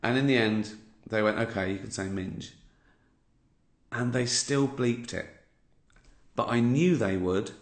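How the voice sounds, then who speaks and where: The host is a comedian in his fifties with an English accent, casually livestreaming a sardonic story full of swearing. He speaks in a mid-range voice, unhurried and pausing often; a phone or laptop mic catches the roomy home audio.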